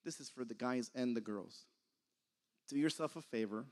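A man's voice: medium pitch, normal speed, darkish tone. A young man giving a casual sermon, conversational and laughing often, sometimes losing his train of thought. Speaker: preacher.

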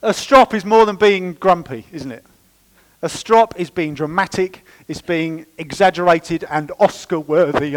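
A man delivers a sermon in church with a fairly high voice. He preaches in a lively, chatty way and drops playful asides to the congregation. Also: measured pace, poor audio. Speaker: pastor.

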